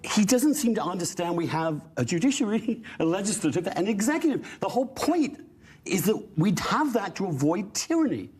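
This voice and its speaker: A male panel guest with a husky voice speaks with passion and emphasis. His pitch moves a lot. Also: very animated, normal speed, a little mellow. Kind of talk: televised panel discussion.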